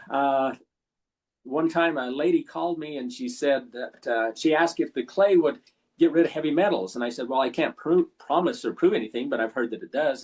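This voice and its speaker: Husky older man telling folksy stories. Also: on the high side, a little mellow. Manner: folksy anecdotal storyteller, acts out callers' lines. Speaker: guest. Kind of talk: storytelling in a podcast interview.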